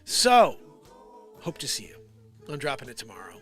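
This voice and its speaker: A man's voice: huge pitch swings, normal speed. A man hosting a daily comedy livestream, rambling and riffing on the news and greeting viewers by name. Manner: rambling, riffing, puts on squeaky voices for quoted people. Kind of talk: improvised comedy livestream chat. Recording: music playing loudly behind. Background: music.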